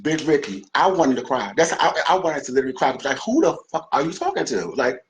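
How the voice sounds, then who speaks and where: Casual interview guest: animated, cursing man from D.C., lively pitch. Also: fast, rough recording. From Washington D.C. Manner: animated, emphatic, profane, repeats words.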